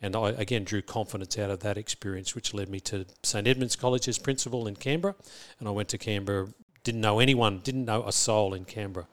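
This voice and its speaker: A middle-aged Australian school principal speaks reflectively in an interview, restarting often and repeating words. His voice is fairly low, quick, with hardly any pauses.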